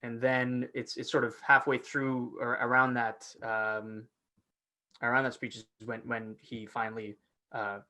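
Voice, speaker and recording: A man, a guest actor, talking through his process in a casual teaching chat, animated and full of restarts and fillers over a video call. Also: mid-range voice, a little slow.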